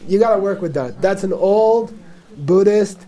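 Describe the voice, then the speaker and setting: A man with a high voice gives a teaching talk on Buddhism to a live audience. He keeps it playful, repeats his points and acts out small exchanges. He laughs often as he explains. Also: expressive, measured pace, mellow.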